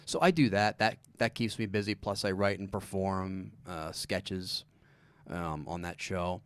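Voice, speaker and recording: Smooth-voiced man with dry self-mockery. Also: low voice. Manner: halting, self-deprecating deadpan humor. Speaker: guest comedian. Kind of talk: casual podcast chat.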